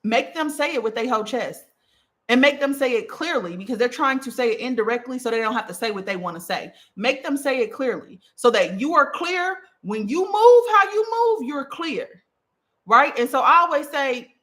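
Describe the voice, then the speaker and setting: A woman coaching on communication in a casual teaching talk, emphatic and animated, checking in with the listener after nearly every point. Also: high voice, normal speed. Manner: emphatic, checks in with "okay?" and "right?"; animated, punchy delivery.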